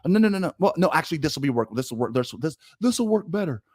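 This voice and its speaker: A man's voice: fairly high pitch, big pitch swings, very fast. A man putting on the voice of a meek, unsure male football coach who stammers and fills his talk with hesitations. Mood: flustered. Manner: stammering, unsure, filler-laden.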